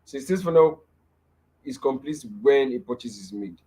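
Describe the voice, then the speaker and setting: A man's voice: medium pitch, lively intonation, normal speed, mellow. A young man with a Nigerian accent teaching a live webinar over a video call, repeating key phrases and often checking in with "right?". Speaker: webinar speaker.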